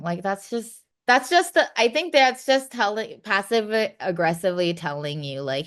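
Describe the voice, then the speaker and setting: A woman's voice: mid-range voice, normal speed, a bit bright, clear, resonant tone. A woman in her thirties, a podcast guest, giving frank advice in casual chat, full of "you know" and "like" fillers.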